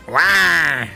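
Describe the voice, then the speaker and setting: A man doing a loud, slow, groaning impression of a gassy, greedy cartoon villain. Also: a little high, creaky, heavily acted.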